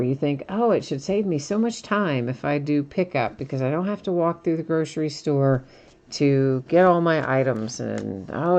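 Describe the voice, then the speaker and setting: Low-voiced lady running a card break stream, rambly chatty, laughs a lot. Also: darkish tone. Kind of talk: casual live-stream chat.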